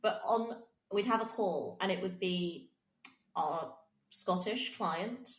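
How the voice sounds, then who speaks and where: A woman chatting on a podcast in a lively way, prompting her partner and telling anecdotes. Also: mid-range voice, slow. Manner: lively, prompting, laughs often. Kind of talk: casual podcast conversation. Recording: roomy echo.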